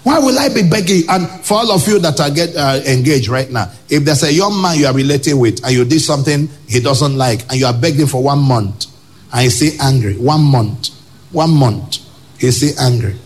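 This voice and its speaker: A male pastor with a Nigerian English accent preaching a sermon to a congregation, emphatic, with loud rhetorical questions and pidgin asides. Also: medium pitch, expressive, normal speed, breathy edge.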